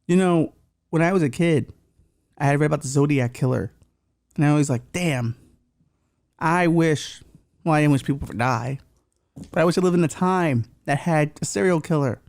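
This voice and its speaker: Sarcastic gravelly-voiced male podcast host. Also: on the high side, a little fast, no echo, studio quality. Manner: sarcastic, deadpan rants with crude jokes. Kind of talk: comedic monologue.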